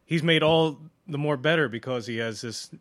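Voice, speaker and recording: A man's voice: on the high side, normal speed, a bit bright, dry recording, clean studio sound. A young man co-hosting a podcast in casual chat, rambling with lots of fillers. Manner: rambling, many "like" fillers and restarts. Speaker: podcast co-host.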